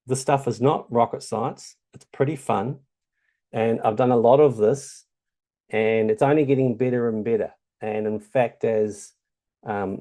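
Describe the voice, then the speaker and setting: A man with a New Zealand accent hosts a loose, chatty screen-share tutorial, frequently saying um. His voice is mid-range and mellow.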